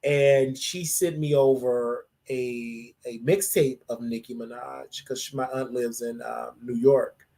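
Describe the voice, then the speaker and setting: A man's voice: fairly even intonation, creaky, mellow. A man hosting a livestream, emotional after crying, repeating his thanks to viewers over and over. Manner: jumps to high drawn-out greetings when welcoming viewers. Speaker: livestream host. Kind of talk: emotional live stream chat with viewers.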